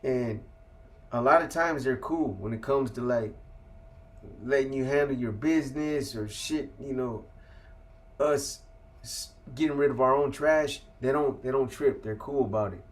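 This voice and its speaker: A man's voice: medium pitch, unhurried. Laid-back man telling a street story. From California. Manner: street slang, profanity-laced, laid-back. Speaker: interview guest. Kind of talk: casual storytelling.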